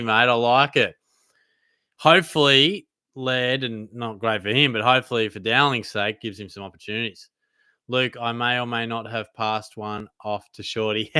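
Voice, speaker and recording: A man's voice: medium pitch, pushed and bright, clean tone, no room sound, clean studio sound. A young man in his twenties with an Australian accent, hosting a live Q&A and reading out chat questions in casual, laid-back banter. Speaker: host.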